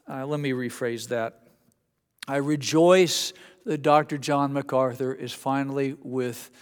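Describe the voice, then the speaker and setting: A man's voice: a little high, in a large hall. A male pastor preaching a sermon in a conversational, folksy way, often restarting his sentences. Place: church sanctuary.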